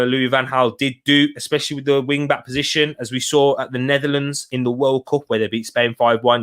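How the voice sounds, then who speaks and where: A man's voice: fairly high pitch, a bit bright. Chatty man hosting a football watch-along. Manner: chatty, laughs often, reads out viewer comments.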